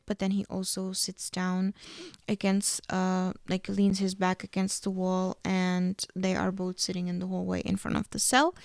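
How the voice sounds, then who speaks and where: A woman podcast host walks through an episode in a casual recap, pausing to correct herself and adding little fillers. Her voice is dark and mellow with a gravelly edge. The recording is dry and close. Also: medium pitch, dry recording. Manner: retells scenes step by step with fillers and self-corrections.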